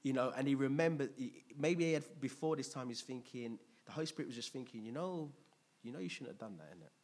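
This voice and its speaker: A man preaching a sermon in a conversational, lively way, asking the congregation questions. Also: mid-range voice, fast.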